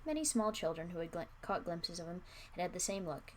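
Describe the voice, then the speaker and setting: A young woman with a slightly low voice reads her old story aloud, pausing for wry, self-mocking asides. A faint hiss sits under her voice. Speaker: streamer. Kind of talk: reading aloud with casual asides.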